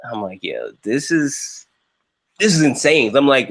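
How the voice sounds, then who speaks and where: Animated young man telling a story. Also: unhurried, vocal fry. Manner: animated, jumps into high quoted voices. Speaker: livestream host. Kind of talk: casual storytelling.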